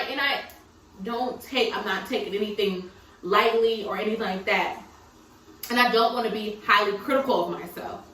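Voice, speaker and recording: A woman's voice: mid-range voice, pushed and bright, slight background noise. Tearful young woman vlogging from afar. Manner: candid and emphatic, laughing through tears. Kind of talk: casual confessional vlog. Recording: roomy sound from some distance, faint background ambience.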